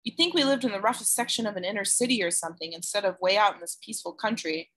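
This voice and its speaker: A woman's voice: medium pitch, quick pace, a bit bright, lightly acted. A woman voicing a teenage girl who is anxious and protective of her little brother, speaking tensely and earnestly.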